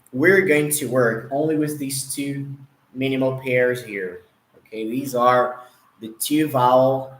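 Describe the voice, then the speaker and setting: Brazilian-accented male English teacher, unhurried and explanatory, mid-pitched, echoey room sound. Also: a bit bright. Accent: Brazilian Portuguese. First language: Portuguese. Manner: slow, explanatory, checks in with viewers, demonstrates sounds. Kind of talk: online pronunciation lesson.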